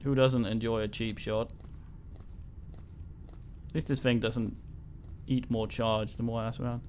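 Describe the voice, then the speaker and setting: A man's voice: mid-range voice, little pitch movement, a little slow, a little mellow, a little hiss or hum. A man streaming a video game live, giving dry, sarcastic commentary and swearing often. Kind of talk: casual live gameplay commentary.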